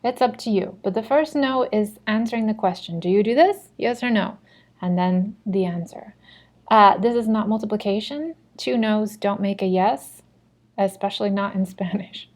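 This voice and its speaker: A woman's voice: mid-range voice, normal speed, darkish tone. A woman teaching a Spanish lesson. She explains patiently in English, models Spanish phrases, and corrects herself as she goes. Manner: self-correcting, conversational. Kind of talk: recorded lesson lecture.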